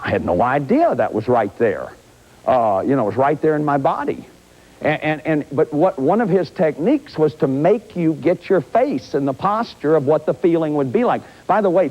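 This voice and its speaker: Animated man in his fifties lecturing. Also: on the high side. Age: 50s. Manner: animated, acts out examples, frequent restarts. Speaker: therapist and lecturer. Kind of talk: self-help lecture. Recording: dull lo-fi recording.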